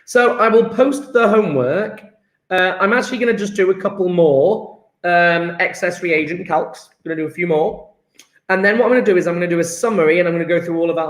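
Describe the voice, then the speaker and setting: Heard in an echoey room, a high-pitched male teacher runs the register for his live-streamed online lesson. He's chatty and joking, reading out comments from the student chat as he goes.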